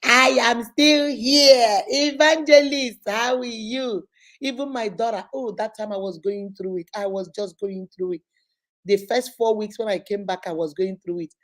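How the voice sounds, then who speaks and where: A woman's voice: medium pitch, moderate pace. A middle-aged woman with a Nigerian accent hosts a live stream, greeting viewers by name in an exuberant, preachy way.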